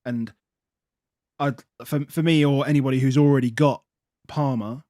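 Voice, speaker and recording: A man's voice: mid-range voice, fairly even intonation, moderate pace, dark tone, no echo, studio quality. A man co-hosting a casual football podcast, rattling off lists of fixtures and leaning on fillers as he talks. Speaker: podcast co-host.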